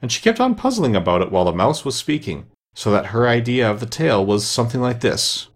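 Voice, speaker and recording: A man's voice: medium pitch, big pitch swings, quick pace, few pauses. A man reading a classic children's story aloud, narrating expressively. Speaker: reader.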